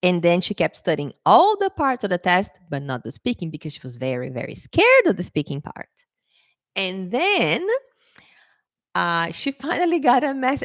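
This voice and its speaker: Woman English tutor, casual storytelling to camera, animated, lowish voice, dry close sound. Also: dry recording. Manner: chatty, animated, laughs often, acts out quotes. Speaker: English teacher.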